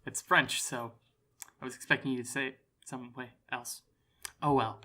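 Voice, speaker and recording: A man's voice: mid-range voice, fairly even intonation, moderate pace, bright, forceful tone. A man hosting a podcast, teasing and insisting on his point in casual chat. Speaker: podcast host.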